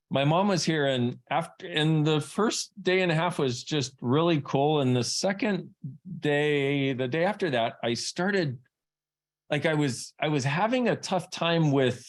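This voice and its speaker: A man leading a workshop in a playful, chatty way, tossing in silly made-up words as he talks. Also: fairly high pitch. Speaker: workshop facilitator. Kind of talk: live workshop talk.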